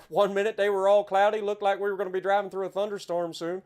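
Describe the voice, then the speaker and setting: A man with an Appalachian accent talks casually through a gameplay stream. His voice sits slightly high for a man, and he is chatty and quick to exclaim over the scenery. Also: little pitch movement, darkish tone, smooth. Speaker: game streamer.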